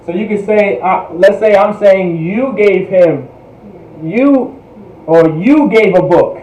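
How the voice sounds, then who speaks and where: A man's voice: high voice, takes it slowly, muffled recording. A man teaching a language class in a livestreamed lecture, patiently repeating words to drill their pronunciation. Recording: echoey room.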